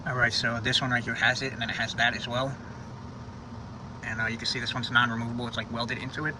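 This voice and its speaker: In a relaxed home-driveway repair vlog, a car vlogger talks through his work on the car, freely cursing as he thinks aloud. He speaks fast in a mid-range voice with little pitch movement, and there's background noise.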